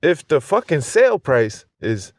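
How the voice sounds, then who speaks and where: A man's voice: on the high side, big pitch swings, a little slow, no room sound. A man hosting a podcast, talking in a loose, rambling way, swearing freely and laughing often. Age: adult with a school-age kid. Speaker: podcast host. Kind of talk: casual profane monologue.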